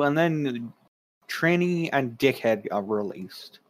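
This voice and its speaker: A man's voice: mid-range voice, animated, brisk. A man co-hosting a casual podcast, making sarcastic quips and swearing. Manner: sarcastic, swearing, mock dramatic. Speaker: podcast co-host. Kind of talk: casual chat.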